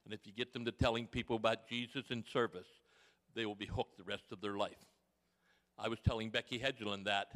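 An older man giving a folksy mission testimony to a congregation, telling stories with gentle humour. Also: fairly low pitch. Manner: homely storytelling with gentle humour. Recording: long reverb of a large hall.

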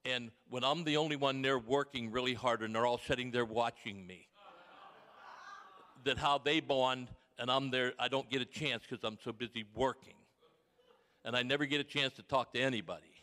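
An older man giving a folksy mission testimony to a congregation, telling stories with gentle humour. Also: medium pitch, steady tone, normal speed. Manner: homely storytelling with gentle humour. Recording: long reverb of a large hall.

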